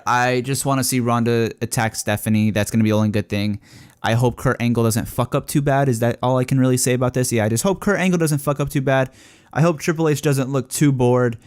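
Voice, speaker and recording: A young man giving casual, opinionated solo commentary, profane and ranting, growing excited as he talks. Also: mid-range voice, smooth. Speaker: wrestling podcaster.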